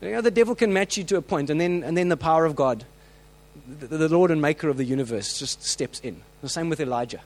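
A man preaching a sermon, telling stories with lively acted-out voices and frequent restarts. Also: a little high, fast, poor audio. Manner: animated storytelling, acts out quoted voices; many restarts and filler words.

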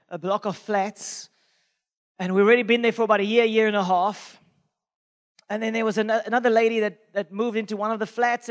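High-voiced man preaching in a hall. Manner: animated storytelling, self-mocking. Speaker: pastor. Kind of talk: sermon. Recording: long reverb of a hall.

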